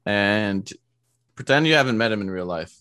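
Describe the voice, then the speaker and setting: Young male podcast co-host, low-ish voice, jokey, laughs a lot. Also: expressive, moderate pace, pushed and bright, smooth. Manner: laughing, joking, mocking squeaky voices. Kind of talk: casual chat.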